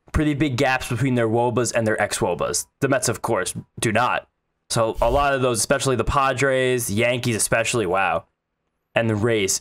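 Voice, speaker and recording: Joking, stat-minded man on a sports podcast. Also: mid-range voice. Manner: joking, stats-minded, swears casually. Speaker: podcast co-host. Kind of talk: casual sports chat.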